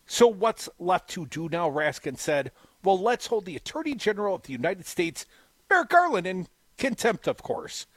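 A man's voice: sits high, no room sound, poor audio. A man co-hosting a political talk show, reading the news with blunt, salty asides. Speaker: co-host.

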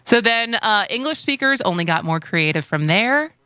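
A woman's voice: medium pitch, animated, normal speed, pushed and bright, clean tone, dry recording, clean studio sound. A woman with a Wisconsin accent co-hosting a radio talk show, chatting loosely and giggling often. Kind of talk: casual radio chat.

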